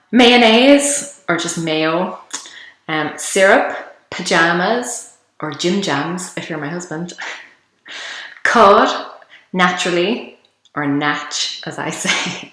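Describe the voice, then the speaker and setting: A woman's voice: low-pitched, fairly bright tone, roomy sound. A young Irish woman vlogging casually, reading a list of words aloud and laughing often between them. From Ireland.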